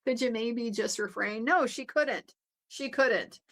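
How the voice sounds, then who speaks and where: A woman's voice: fairly high pitch, slow pace, a bit bright. Woman legal commentator, casual recap, conversational and unscripted. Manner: conversational, many fillers and restarts.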